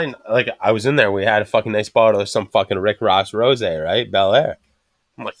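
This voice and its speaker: Profane, animated man telling bar stories. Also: fairly low pitch, fast talker, dry recording. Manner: swears constantly, animated storyteller acting out quotes. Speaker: podcast host. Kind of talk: casual chat.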